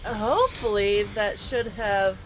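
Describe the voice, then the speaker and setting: A woman's voice: mid-range voice, expressive, faint music behind, rough recording. A woman playing a tabletop game, hesitantly describing her character's actions. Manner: slow, hesitant, with small laughs. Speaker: player. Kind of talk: tabletop game play over voice chat.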